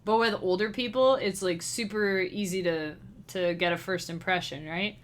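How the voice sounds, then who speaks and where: A woman's voice: mid-range voice, steady tone, moderate pace. A woman chatting casually with her live-stream chat as a musician, bubbly and giggly, speaking straight to her viewers. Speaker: livestreamer and chiptune musician.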